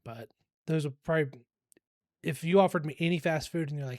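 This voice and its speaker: A man's voice: medium pitch, quick pace, a little mellow, no room sound, clean studio sound. A man around forty co-hosting a podcast, rambling easily in casual chat and laughing often. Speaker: podcast co-host.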